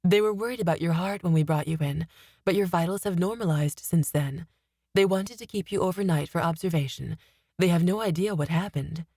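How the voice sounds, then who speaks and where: A woman's voice: on the low side, brisk, warm tone, dry recording, studio quality. A woman playing a scolding mother. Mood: measured. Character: worried but scolding middle-aged mother.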